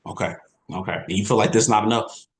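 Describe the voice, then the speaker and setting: A man giving an energetic, repetitive sales training talk as an insurance coach. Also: fairly low pitch, fast, slight background noise. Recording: roomy echo.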